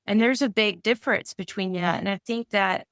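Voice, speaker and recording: A woman's voice: medium pitch, normal speed, a bit bright, clear, resonant tone, dry recording, studio quality. A woman who is a mindset coach, talking in an earnest, chatty, rambling way as a podcast guest. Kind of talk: casual conversation.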